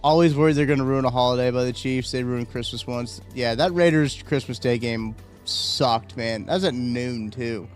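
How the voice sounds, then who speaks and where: A man hosts a casual live stream from home, rambling and chatting as he reads viewer comments aloud. His pitch sits in an ordinary middle range, with faint music playing underneath. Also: moderate pace, hardly any pauses. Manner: rambling, chatty, reacts to chat, yawning. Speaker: livestream host.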